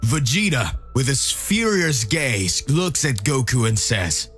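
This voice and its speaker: A man's voice: medium pitch, expressive, slow pace, a bit bright, soft background music. A man narrating a dramatic fan-made story.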